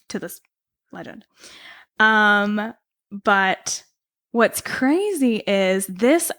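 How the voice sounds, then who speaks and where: A woman co-hosting a podcast, telling a story in casual chat with quick asides and a giggly manner. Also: medium pitch, fairly bright tone, no echo, studio quality. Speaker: podcast co-host.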